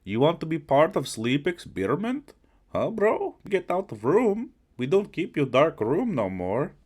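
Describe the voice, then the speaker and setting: A man's voice: fairly high pitch, huge pitch swings, a little slow, breathy edge, voice pushed up, heavily acted. Man putting on a goofy Russian guard. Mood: mocking. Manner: goofy, exaggerated, broken English. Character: mocking male Soviet guard with a put-on Russian accent.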